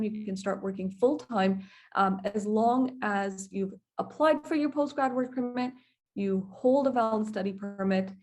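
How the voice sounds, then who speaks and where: A woman gives a webinar presentation through a computer mic and walks students through the rules one point at a time. She sits at a middling pitch and keeps a patient, explanatory tone. She often checks in with "okay?" and "right?". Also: darkish tone. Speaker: immigration lawyer presenter.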